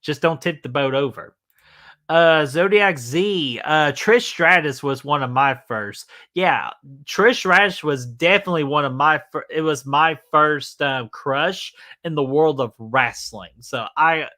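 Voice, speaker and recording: A man's voice: a little high, lively intonation, measured pace, pushed and bright. A man hosting a live stream, chatting casually and joking as he reads out comments, with frequent swearing and fillers. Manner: loose, joking, swears freely, many fillers. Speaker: livestream host.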